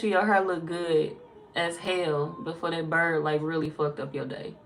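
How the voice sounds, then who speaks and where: A woman's voice: sits low, steady tone, moderate pace. A woman tarot reader chatting casually on a live stream, greeting viewers by name and swearing freely.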